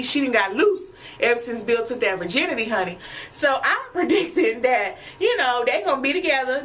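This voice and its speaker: A woman's voice: on the high side, a bit bright, a little hiss or hum. A woman talking straight to her viewers in a casual recap vlog, blunt and chatty, swearing freely and calling them y'all. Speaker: TV episode recapper.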